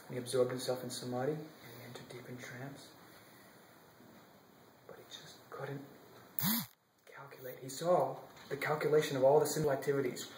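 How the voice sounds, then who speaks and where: A man telling a devotional story expressively, shifting from loud to whispered passages. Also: medium pitch, level tone, fast, vocal fry, echoey room, noisy background. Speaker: storyteller monk.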